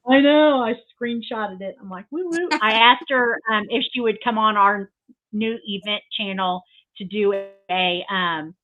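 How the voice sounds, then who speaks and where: A woman's voice: mid-range voice, steady tone, a little slow. An older woman joins a craft livestream as co-host, gushing and rambling with lots of ums. Her voice comes through a thin, tinny remote line that sounds like a phone. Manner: gushing, rambling, many fillers. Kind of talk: casual chat.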